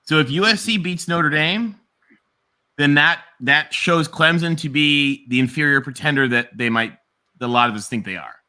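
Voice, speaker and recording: A bright, lively-toned man co-hosting a casual sports chat. He tosses in jokes and quick asides between opinions. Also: on the high side. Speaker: co-host.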